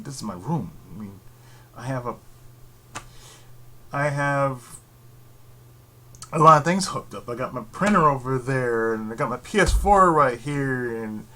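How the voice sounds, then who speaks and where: A man ranting in a casual vlog from his bedroom, rambling and sarcastic, who keeps slipping into mocking high voices and laughing. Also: lively intonation, measured pace, pauses often, bright, forceful tone. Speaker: YouTube channel host. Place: his own bedroom setup.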